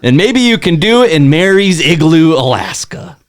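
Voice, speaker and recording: A man's voice: on the high side, sing-song, moderate pace, no room sound. A man co-hosting a podcast in casual chat, riffing on crude puns and joking with his partner. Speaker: podcast co-host.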